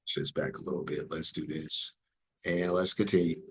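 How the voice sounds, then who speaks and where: A man hosting a reaction video, commenting casually in a relaxed, rambling way. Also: rumbling low, normal speed, breathy edge, poor audio. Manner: relaxed and rambling, with many fillers.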